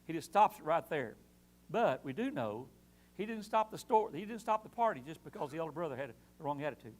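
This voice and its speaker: A man's voice: a little high, big pitch swings, brisk. A man teaching a Sunday Bible class in an earnest way, repeating key phrases for emphasis.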